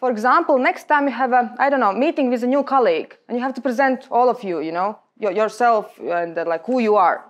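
A young adult woman with a Latvian accent, giving a lecture on public speaking to a room of colleagues in emphatic, halting non-native English. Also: on the high side. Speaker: guest speaker.

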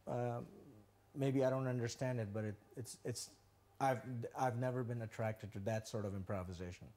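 A man's voice: mid-range voice, fairly even intonation, moderate pace. A man, a guitar teacher, giving thoughtful, hesitant interview answers. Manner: thoughtful, hesitant with many fillers. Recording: soft music in the background.

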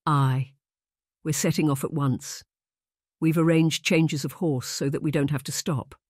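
A narrator voicing a careful, pragmatic middle-aged gentleman in a period audiobook. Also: mid-range voice, steady tone, no echo, studio quality, lightly acted. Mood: measured. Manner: careful, measured, quiet. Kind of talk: audiobook character voice.

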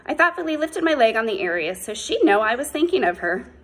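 A woman narrating a novel as an audiobook in a measured, unhurried way. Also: on the high side, big pitch swings, rough recording.

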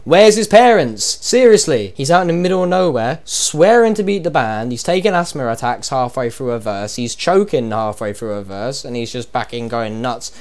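A young Irish man hosting a comedic reaction video, animated and exclaiming, often breaking into laughter. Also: mid-range voice, normal speed, few pauses. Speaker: YouTube host.

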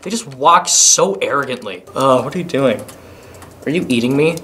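A man hosting a gaming video, commentating with loud, playful exclamations and goofy banter. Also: mid-range voice, lively intonation, normal speed. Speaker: gaming host.

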